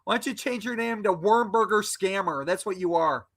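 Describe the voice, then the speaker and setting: A man's voice: high-pitched, moderate pace, a bit bright. A man on a live video call, angrily insulting a troll in a heated argument, repeating himself. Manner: angry, insulting, repetitive. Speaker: guest on a live stream.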